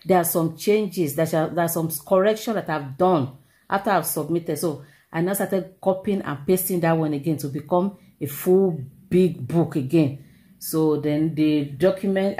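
A middle-aged Nigerian woman vlogging, telling a personal story in an animated, exclamatory way and repeating herself for emphasis. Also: low-pitched. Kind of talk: casual storytelling to camera.

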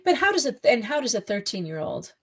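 A woman's voice: fairly high pitch, sing-song, quick pace, slightly rough, poor audio. A woman guest on a podcast interview, a writer, speaking in an indignant, emphatic way.

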